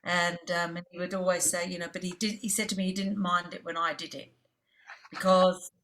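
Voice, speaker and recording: A bright, ringing voice from a middle-aged English-born woman. She tells her stories with animation, jumping into the voices of the people she quotes. It sounds like a relaxed interview. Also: fairly low pitch, fairly quick. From England. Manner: animated storyteller who acts out quoted voices. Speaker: jazz singer, guest. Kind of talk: casual storytelling interview.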